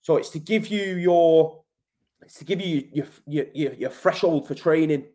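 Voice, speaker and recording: Brief: English man, Manchester, slightly high voice, blunt, emphatic, sweary, casual podcast guest. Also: moderate pace, dark tone. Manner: blunt, sweary, emphatic, keeps saying mate. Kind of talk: casual conversational interview.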